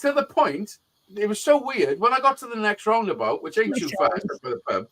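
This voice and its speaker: A man's voice: high-pitched, a little fast. A man hosting a live stream, telling stories in casual, swearing banter over a video call. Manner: swearing, animated storytelling.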